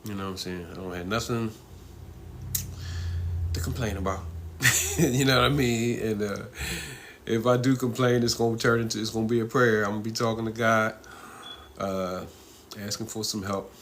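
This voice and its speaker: A man's voice: fairly low pitch, steady tone, moderate pace, long pauses, fairly bright tone, slight background noise. A middle-aged man hosting a casual live stream, talking in a loose, rambling way, laughing often and asking "you know what I mean?".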